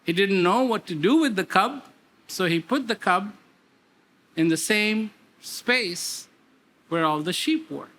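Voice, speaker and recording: A man giving a talk, telling a parable slowly with emphatic repetitions. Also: sits high, lively intonation, a bit bright. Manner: slow, repetitive, emphatic storytelling. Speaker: speaker. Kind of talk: storytelling talk.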